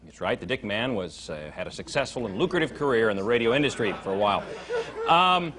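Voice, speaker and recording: A man's voice: mid-range voice, very animated, fast talker, fairly bright tone. A man hosting a late-night variety show, delivering jokey, showman announcer patter in a TV studio. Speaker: talk show host. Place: TV studio with live audience.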